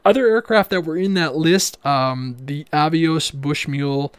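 A man's voice: fairly high pitch, measured pace, clean tone, no echo. A man hosting a casual livestream, rambling, with many fillers and restarts. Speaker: livestream host.

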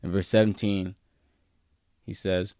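A man preaching a sermon, moving between loud, emphatic peaks and quiet, low-key stretches, with casual slang mixed in. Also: little pitch movement, a little slow, clear, resonant tone, no room sound, clean studio sound.

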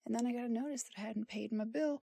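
A woman hosting a podcast reads the credits in a casual, rambling way, drifting into joking, self-deprecating asides. Her voice is a little high, creaky and mellow, moving at a quick pace with no echo. She can barely open her mouth because of a sore jaw, so she struggles to get the words out.

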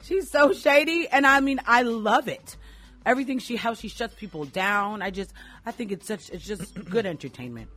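A woman's voice: fairly high pitch, animated, moderate pace, fairly bright tone. A woman co-hosting a radio show, chatting expressively and laughing often. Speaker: co-host. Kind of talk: casual chat.

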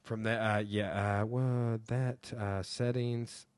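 A man's voice: on the low side, steady tone, takes it slowly, clear, resonant tone, no echo. A young man hosting a podcast, talking in a rambling way with lots of fillers and swearing. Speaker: podcast host. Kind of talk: casual chat.

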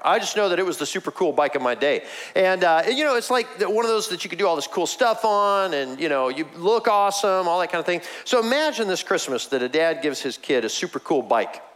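Animated man preaching a sermon. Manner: animated, swinging between high emphatic lines and low quiet ones; conversational, with asides and chuckles. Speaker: pastor.

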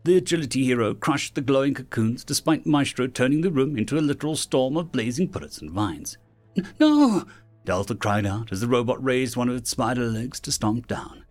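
A man's voice: fairly quick, hardly any pauses, faint music behind. A man narrating a fantasy web novel as an audiobook, lifting his voice for the characters' lines. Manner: lively, raises pitch for character lines.

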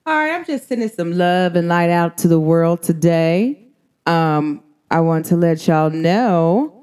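A woman's voice: lowish voice, animated, measured pace, darkish tone, smooth. A woman in her thirties hosting her own vlog, chatting casually, playful and laughing often. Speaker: vlog host.

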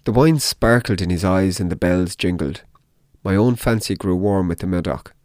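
A man narrating a dark tale in the first person, in a measured, deliberate audiobook reading. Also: low-pitched, no echo, studio quality.

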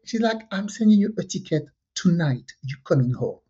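Woman storyteller, low voice, lo-fi. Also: moderate pace. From France. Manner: animated storyteller, acts out quotes, laughs often. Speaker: podcast co-host. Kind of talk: casual chat, storytelling. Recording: dull lo-fi sound.

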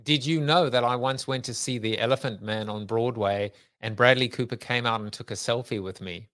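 Host, man from South Africa, mid-range voice, relaxed and joking, lots of ums; dry close mic. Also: mid-range voice, brisk, no room sound. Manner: chatty, jokey, hesitant with many fillers. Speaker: podcast host. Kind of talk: casual interview.

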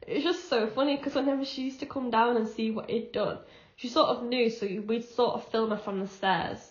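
A young woman, talking casually as a podcast co-host and putting on little voices for the people in her stories. Her voice sits a bit high. The recording is roomy and a little dull. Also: steady tone, fairly quick. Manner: chatty storyteller, acts out the dialogue in her anecdotes, laughs often. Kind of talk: casual chat. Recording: echoey room, dull lo-fi sound.

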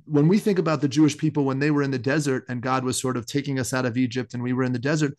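A married man co-hosting a casual podcast chat, thinking aloud about scripture with many restarts and animated asides. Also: mid-range voice, racing. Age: adult, married. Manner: rambling, self-interrupting, animated. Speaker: podcast co-host.

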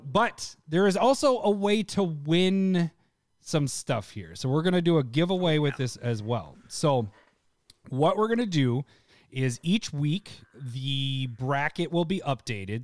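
A man hosting a podcast, casually explaining voting and a giveaway in a relaxed, rambling way. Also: medium pitch, dry recording, clean studio sound. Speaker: podcast host.

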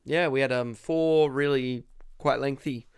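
A man co-hosting a film podcast in relaxed, casual chat, often pausing with fillers. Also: medium pitch, clean tone. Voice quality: relaxed, hesitant with many fillers. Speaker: podcast co-host.

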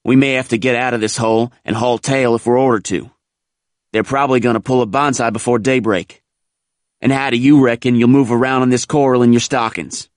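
A man voicing an exasperated veteran marine who scolds his buddy in an excited, blunt way. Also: mid-range voice, a little fast, dry recording, studio quality, lightly acted.

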